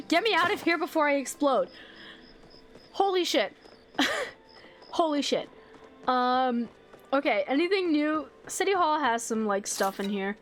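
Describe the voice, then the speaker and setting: A woman streaming a video game, chatting casually, reading menu items aloud, getting excited and swearing freely. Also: sits high, unhurried, long pauses.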